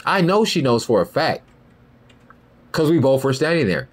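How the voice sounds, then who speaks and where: A man's voice: mid-range voice, very animated, moderate pace. Rambling, profane young man. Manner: rambling, profane, keeps asking "you feel me". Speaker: podcast host. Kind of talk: casual monologue.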